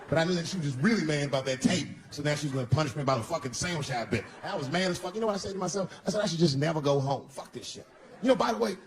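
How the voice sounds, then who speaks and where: A man doing stand-up comedy, telling a story and acting out other people's voices with lively jumps in pitch. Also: noisy background. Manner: animated, acts out voices of son and wife with big pitch jumps. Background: audience laughter.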